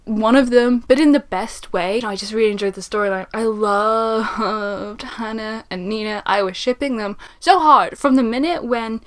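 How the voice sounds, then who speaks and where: A young woman giving a casual spoken book review, chatty and animated, laughing often. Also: a little high.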